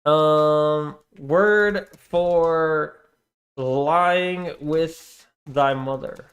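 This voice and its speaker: A man's voice: on the high side, very slow, a bit bright, clean tone. A young man streaming, chatting casually and rambling with a profane, joking manner as he reads his chat.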